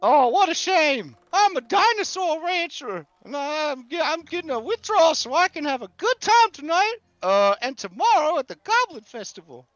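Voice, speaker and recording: A man's voice: very high voice, very animated, moderate pace, hardly any pauses, fairly bright tone, dry recording, lo-fi sound, pitched above the performer's own voice, heavily acted. A man voicing Gus, an eager, chatty and simple-minded young male dinosaur rancher.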